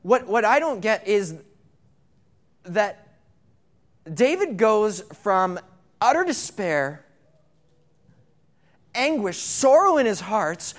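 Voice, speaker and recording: Slow and sing-song, with frequent pauses, a high-voiced man delivers a sermon in a church sanctuary. As a pastor, he keeps it conversational, asks the congregation questions to involve them, and often repeats words at the start of a phrase.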